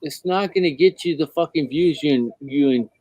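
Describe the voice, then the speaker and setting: A man's voice: fairly high pitch, normal speed, a little mellow, no echo. A man co-hosting a casual livestream, blunt and teasing, swearing often. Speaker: livestream co-host.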